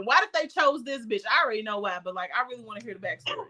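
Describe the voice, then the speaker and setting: Woman co-host, high-pitched, swears a lot, tells stories loudly. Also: very fast. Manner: animated storyteller, heavy swearing, loud outbursts. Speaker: podcast co-host. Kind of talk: casual chat.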